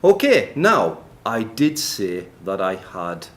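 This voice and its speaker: Low-voiced man giving a joking tech demo. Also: big pitch swings, slow, fairly bright tone. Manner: chatty, joking, laughs often, many ums. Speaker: conference speaker. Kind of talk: live tech demo talk. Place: noisy, echoey conference room.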